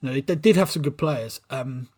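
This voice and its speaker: A man on a football podcast, telling stories in a rambling, animated way with lots of fillers. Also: mid-range voice, fairly quick. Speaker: podcast panelist. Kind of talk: casual football chat.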